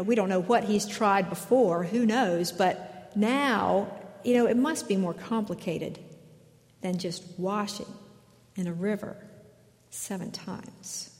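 A woman's voice: mid-range voice, darkish tone. A woman pastor giving a sermon in a conversational way, asking questions of her listeners, in a church. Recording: echoey hall reverb.

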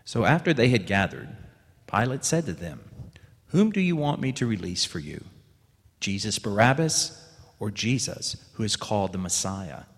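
Low-voiced man reading scripture in church. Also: big pitch swings, normal speed, husky. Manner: voices quoted lines with raised pitch and emphasis. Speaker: scripture reader. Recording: long church reverb.

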